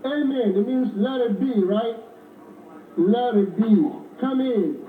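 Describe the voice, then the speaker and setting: High-voiced Ghanaian man preaching slowly at a rally. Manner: slow, preaching, repeats phrases and leads the crowd. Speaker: rally speaker. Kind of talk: rally speech with call and response. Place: outdoor rally. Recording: distant, roomy, tinny lo-fi recording with faint noise.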